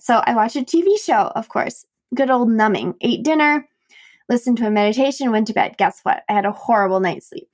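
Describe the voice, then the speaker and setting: A woman's voice: a little high, brisk. Candid, laughing woman podcast host. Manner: candid and self-mocking, laughs often; animated retelling with quoted dialogue. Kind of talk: personal storytelling monologue.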